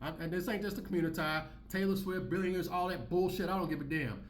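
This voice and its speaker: Forty-something guy ranting on his channel, cussing a lot, slightly high voice, roomy echo. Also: fast, slight background noise. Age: 40s. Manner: loud, profane, repetitive, streetwise slang. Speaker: commentary channel host. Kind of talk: ranting commentary.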